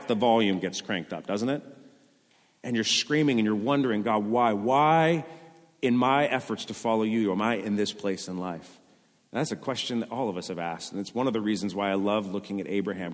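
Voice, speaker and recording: Guy preaching a sermon, kinda low voice, chatty and emphatic, long hall echo. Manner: conversational preaching with rising emphasis and acted-out inner voices. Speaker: pastor. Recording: long reverb of a large hall.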